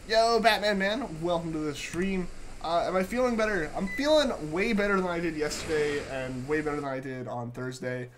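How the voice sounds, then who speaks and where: This young man hosts a live game stream, chatting casually with viewers and repeating himself often. His voice is a little high and congested from a sore throat he's getting over, his pace moderate, with slight background noise.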